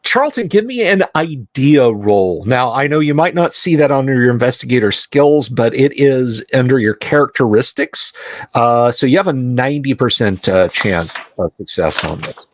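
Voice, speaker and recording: A man running a tabletop horror game on a livestream, narrating in a slow, halting way with many fillers. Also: medium pitch, lively intonation, no echo. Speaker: game master.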